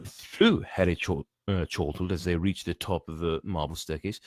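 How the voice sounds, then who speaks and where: Deep-voiced man reading a book aloud. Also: fairly even intonation, normal speed, few pauses, a little mellow, no echo, clean studio sound. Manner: stumbles and restarts, chatty asides. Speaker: reader.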